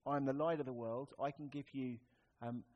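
A man preaching a sermon in a conversational, wry way, swinging between emphatic rises and quiet, serious drops. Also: medium pitch, fairly even intonation, normal speed, muffled recording.

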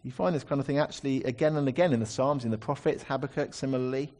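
A man's voice: medium pitch, quick pace, a little mellow. A man preaching a sermon, explaining a psalm in a conversational teaching manner with rhetorical asides.

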